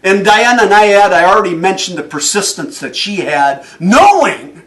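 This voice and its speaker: A man giving a motivational speech, telling stories in an animated way and chuckling often. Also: sits high, normal speed, far from the mic. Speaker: motivational speaker.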